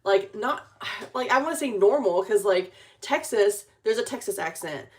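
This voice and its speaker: A woman's voice: medium pitch, expressive. A young woman from California co-hosting a casual livestream, bubbly and chatty as she reads the chat. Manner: bubbly, chatty, quick to laugh. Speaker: co-host reading the chat.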